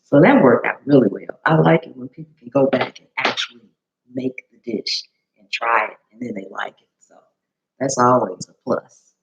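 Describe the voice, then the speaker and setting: A woman chef chatting with viewers during a live cooking demo in her home kitchen, greeting them by name, her voice a little hoarse. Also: rumbling low, moderate pace. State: slightly hoarse. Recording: slightly dull lo-fi live-stream audio.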